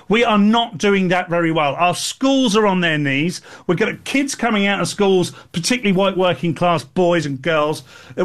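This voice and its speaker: A man's voice: sits high, a bit bright. A British man co-hosting a political talk show, ranting indignantly about government policy. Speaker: co-host. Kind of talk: political opinion chat.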